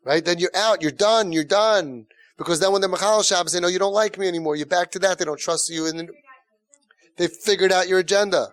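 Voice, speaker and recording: A man's voice: high voice, a little fast. A man lecturing parents as a parenting coach. He talks emphatically and repeats words for stress. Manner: emphatic, repetitive, animated.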